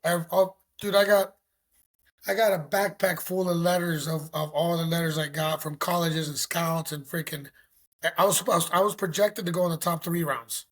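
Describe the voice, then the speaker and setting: A man telling a story as a podcast guest, animated and slangy. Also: a little high, normal speed. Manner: animated, slangy, acts out quotes. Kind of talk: casual storytelling.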